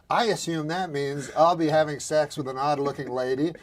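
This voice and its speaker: A man with a fairly high voice speaks in a dry, deadpan way, as a comedian does. He tells his stories haltingly and keeps circling back over his own phrases before landing the point. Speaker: comedian and talk show guest. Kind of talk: deadpan joke delivery and rambling anecdote.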